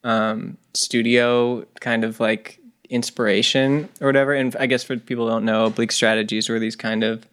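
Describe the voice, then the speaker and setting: A man's voice: mid-range voice, level tone, normal speed, hardly any pauses, a bit bright. A man on a band podcast musing loosely in casual chat, with many fillers. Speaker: band member podcast host.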